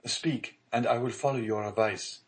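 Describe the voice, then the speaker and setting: A man's voice: medium pitch, fairly even intonation, normal speed, pitched above the performer's own voice, lightly acted. A man reading the part of an honest, eager young prisoner who pleads earnestly.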